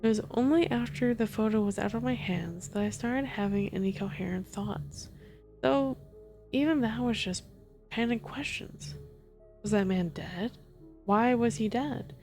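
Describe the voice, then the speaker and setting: Woman, ASMR story reading, soft and steady, mid-range voice, faint music behind. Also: mid-range voice, normal speed. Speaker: story narrator.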